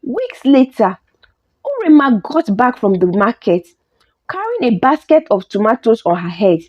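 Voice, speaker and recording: A woman narrating a folk story in an expressive storytelling way. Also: a little high, measured pace. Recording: dull lo-fi recording.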